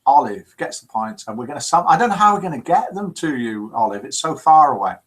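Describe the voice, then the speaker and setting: Husky-voiced jokey man hosting. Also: medium pitch, fairly quick. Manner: jokey, lively, addresses listeners directly. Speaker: host of a live daily call-in show. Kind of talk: chatty live broadcast, reading out viewer messages.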